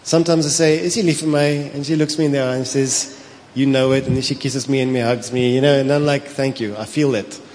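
A pastor with a South African accent, preaching a sermon, telling stories with animation, slipping into Afrikaans and laughing often. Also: male voice, medium pitch, fairly even intonation, fairly quick, few pauses, darkish tone, slight background noise. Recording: long hall reverb with faint ambience.

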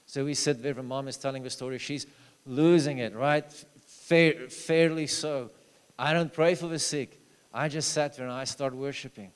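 Preacher in an echoing hall. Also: male voice, fairly even intonation, normal speed, clear, resonant tone. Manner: storytelling, swings from loud urging to low hushed asides. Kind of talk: sermon. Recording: long hall reverb.

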